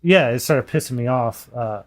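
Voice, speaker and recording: A man co-hosting a podcast, telling stories in a casual, animated way and laughing as he goes. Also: medium pitch, moderate pace. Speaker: podcast co-host. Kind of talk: casual storytelling chat.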